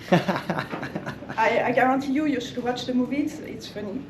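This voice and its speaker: A woman giving an impromptu club speech, laughing often and halting on fillers. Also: a little high, noisy background. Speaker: table topics speaker. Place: meeting room. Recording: echoey room, mic far off.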